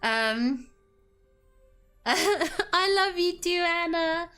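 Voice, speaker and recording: Woman, game streamer, giggly casual chat, unhurried, bright tone. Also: extremely high pitch, lively intonation. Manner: giggly, laughing to tears, self-deprecating.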